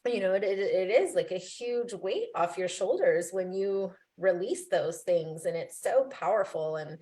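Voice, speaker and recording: A woman's voice: mid-range voice, expressive, unhurried, mellow. A woman hosting a casual live interview, talking enthusiastically with lots of "you know" and "like". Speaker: host.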